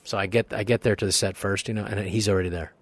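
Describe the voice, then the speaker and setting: A man's voice: on the low side, steady tone, fast talker, breathy edge, dry recording. A male guest actor telling a story casually on a podcast, acting out other people's lines. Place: podcast studio.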